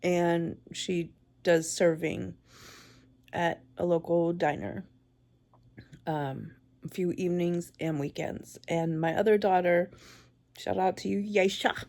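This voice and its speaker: A woman in her forties giving a tearful, halting vlog, crying as she talks. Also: lowish voice, fairly even intonation, darkish tone. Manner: tearful, halting, with many pauses and restarts. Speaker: vlogger. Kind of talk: emotional personal vlog.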